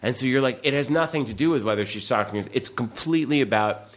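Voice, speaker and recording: A man in casual conversation who tells stories with energy. His voice sits at a middle pitch, and he breaks into voiced quotes as he goes. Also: fast talker. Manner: animated storytelling with acted-out quotes. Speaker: podcast guest. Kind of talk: casual chat.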